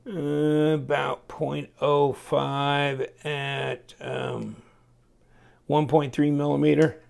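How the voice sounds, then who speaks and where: Man, knife reviewer, gravelly voice, slightly high pitch, folksy and chatty while tinkering. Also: level tone, very slow, a little mellow. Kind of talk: casual hands-on review.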